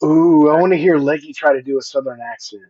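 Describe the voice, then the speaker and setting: A man's voice: on the high side, brisk, darkish tone, dry recording. A man joking and needling the others in casual podcast banter. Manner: playful, needling jokes. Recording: dry, muffled call audio.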